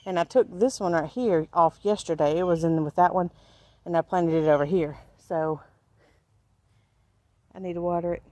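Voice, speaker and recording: A woman's voice: lowish voice, normal speed, long pauses, a little mellow, dry recording. Folksy woman touring her garden. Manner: folksy, chatty, points things out as she walks. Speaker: homestead gardening vlogger. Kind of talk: casual garden tour. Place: outdoor vegetable garden.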